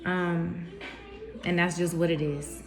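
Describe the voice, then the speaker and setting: A woman's voice: fairly low pitch, level tone, slow pace. A young woman telling a personal story to camera at home, candid and emotional, with informal slangy quoted speech. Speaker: vlogger.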